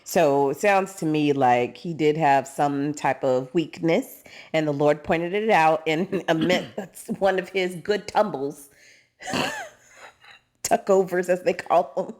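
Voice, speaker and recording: A woman with an African American English accent co-hosting a podcast, chatting and reading scripture aloud in a lively, laughing way. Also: sits low, takes it slowly. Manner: animated, laughs often, acts out quotes. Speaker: podcast co-host.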